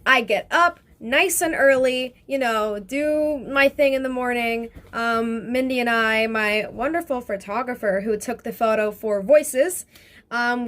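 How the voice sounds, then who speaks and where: A young woman telling a casual storytime vlog in a chatty, excitable way, full of fillers and swearing. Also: high-pitched. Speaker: vlogger.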